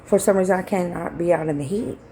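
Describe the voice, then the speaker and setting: A woman's voice: on the low side, quick pace, creaky, mellow, soft background music, low-quality recording. A middle-aged woman, telling a rambling, blunt story in a casual vlog and acting out what people said. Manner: rambling, blunt and salty, reenacting dialogue. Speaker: vlogger.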